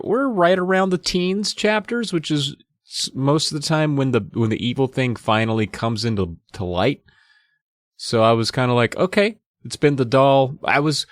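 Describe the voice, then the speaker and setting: A man's voice: mid-range voice, dry recording, studio quality. A man co-hosting a podcast, chatting about a book in an easygoing, joking way. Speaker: podcast co-host. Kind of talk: casual chat recapping a book.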